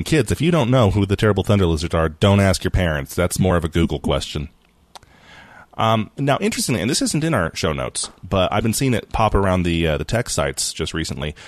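Animated low-voiced man hosting a tech chat. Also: no echo. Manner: animated, jokey, laughs often. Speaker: podcast co-host. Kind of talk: casual tech news chat.

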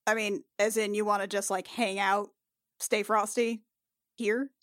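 A woman's voice: mid-range voice, little pitch movement, unhurried, fairly bright tone, no echo, clean studio sound. A woman playing a character in a tabletop game, chatty and filler-heavy. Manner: chatty, lots of "like" and "I mean". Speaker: player. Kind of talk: casual tabletop play.

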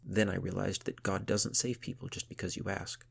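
A man's voice: low-pitched, steady tone, moderate pace, creaky, husky, full character voice. A man voicing a frightened young girl in a storybook, pleading with a catch in her voice. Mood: wondering.

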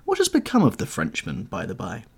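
A man's voice: sits low, huge pitch swings, a little fast, vocal fry, breathy edge, full character voice. A man voicing a grave, earnest male painter in an audiobook, pleading with mounting urgency. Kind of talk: audiobook character reading.

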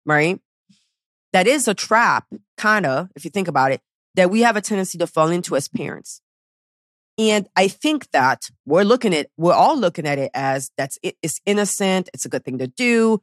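A woman's voice: lowish voice, animated, normal speed, dry recording, studio quality. Blunt, cussing woman podcast host. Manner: blunt and profane, ranting, addresses listeners as y'all. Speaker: podcast host and weight loss coach. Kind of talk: casual podcast monologue.

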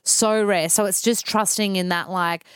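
A woman's voice: mid-range voice, steady tone, moderate pace, clear, resonant tone, no room sound. An Australian woman, a podcast guest, talking in heartfelt, earnest casual chat about feelings.

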